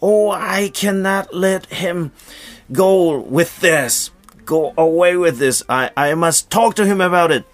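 A man voicing a jealous, furious young wife in a shrill, indignant falsetto, with faint guitar music behind. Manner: shrill, indignant, slow emphatic.

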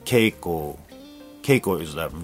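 A man with a low, animated voice chats casually on a podcast from a small studio. He talks in relaxed bursts with frequent fillers. Soft music plays faintly behind him. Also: a little slow. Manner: relaxed, many fillers, reads listener emails aloud. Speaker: podcast co-host, rakugo performer. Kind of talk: casual chat.

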